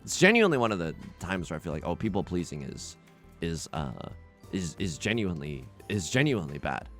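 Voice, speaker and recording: A man's voice: low voice, very animated, a little fast, a bit bright, soft background music. A young man hosting a let's play, chatting casually over his game in a rambling, self-interrupting way.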